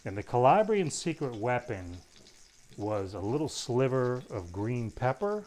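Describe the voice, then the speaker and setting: A man working as a guest chef on a live cooking show, telling animated stories in a casual, chatty way. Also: medium pitch, a little slow, a little hiss or hum. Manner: animated storyteller, acts out quoted voices. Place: live studio kitchen with audience.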